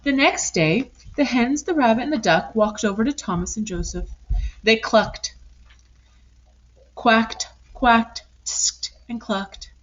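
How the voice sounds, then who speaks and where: A woman reading a children's picture book aloud in an expressive, lively way. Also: on the high side, takes it slowly. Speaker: storybook reader. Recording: dull lo-fi recording.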